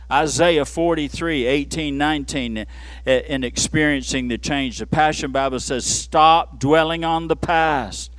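Pastor, man, high voice, dry close sound; dynamic sermon delivery from murmurs to shouts. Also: no echo. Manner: swings from low murmurs to shouted peaks, playful asides. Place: church.

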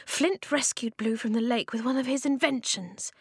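An earnest young girl with a rough, gravelly voice pleads her case, shaky but brave, in a storybook reading, as a woman narrator puts her on. Her lines ride noticeably higher than the narration around them. The sound is close and dry, with no room around it. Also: normal speed, no room sound.

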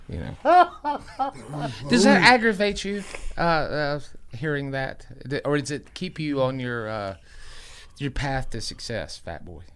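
A man's voice: a little high, very animated, takes it slowly, a bit bright. A man co-hosting a radio show, joking around and teasing his co-hosts. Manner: joking, teasing, mock-belittling voices. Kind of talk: casual morning-show banter.

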